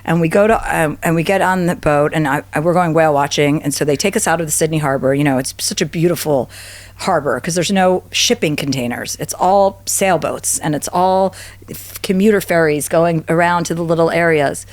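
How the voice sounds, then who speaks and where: A woman's voice: a little fast, no echo. Profane, storytelling woman in her fifties. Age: 50s. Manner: profane, acts out quotes with big pitch jumps. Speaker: podcast guest. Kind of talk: animated storytelling.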